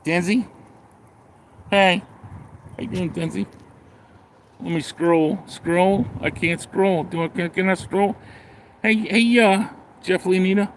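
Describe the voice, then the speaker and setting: This man's voice is high-pitched and fairly flat in intonation, slow with long pauses, over a slight hiss or hum. He rants sarcastically and bluntly on a casual livestream, then rambles through comments from viewers.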